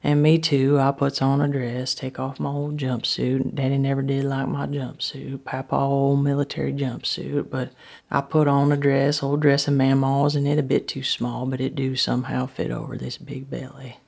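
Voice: medium pitch, monotone, normal speed, gravelly, darkish tone. A performer playing a rambling woman in a comic monologue, drifting between chatter and whispers. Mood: chatty. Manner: rambling, many restarts, drops into whispers. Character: homespun rural Southern woman, gossipy, rambling.

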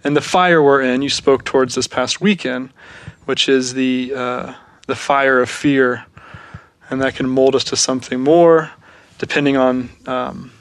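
Flat-voiced young man, halting. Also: mid-range voice, smooth, no room sound. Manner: halting, many fillers and restarts, thoughtful. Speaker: podcast co-host. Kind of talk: reflective faith discussion.

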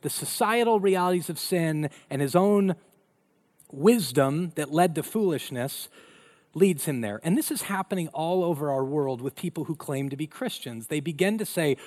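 A man's voice: a little high, moderate pace. A middle-aged man who grew up in Colorado, a pastor preaching a sermon and telling family stories with acted-out voices. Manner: animated storytelling, acting out voices.

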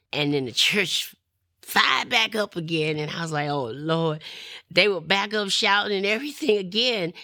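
A woman tells her personal testimony in an interview. Her voice sits low but rings bright and forceful, and she acts out the people in her story as she goes. The sound is dry and close, with no room around it. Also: no echo.

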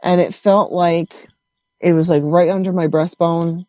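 A woman telling a story in casual conversation, animated and swearing as she acts out what others said. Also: lowish voice, a little slow, no echo, highs cut off.

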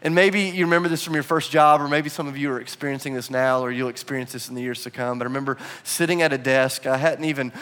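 A man preaching a sermon, telling a personal story with animated, acted-out quotes. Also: medium pitch, fast, few pauses, clear, resonant tone. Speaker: pastor. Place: church hall. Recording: long hall reverb.

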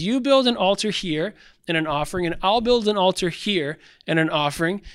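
A man with a high, clear and smooth voice delivers a sermon-style devotional talk on his podcast. He tells the Bible story with energy, acting out the quotes as he goes. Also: a bit bright. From Canada. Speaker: podcast host.

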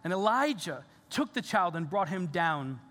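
A male pastor preaching a sermon, earnest and animated, with casual fillers and restarts. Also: high voice, moderate pace. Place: church sanctuary. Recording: church hall reverb.

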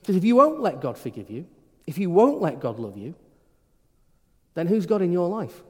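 His voice sitting high and a little mellow, a middle-aged priest preaches at a moderate pace, very animated and conversational. Frequent stammered restarts break up the informal sermon, heard in a reverberant hall.

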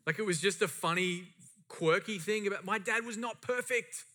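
Middle-aged male pastor, bright tone, impassioned sermon delivery. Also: sits high, moderate pace. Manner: impassioned, rising and falling emphasis.

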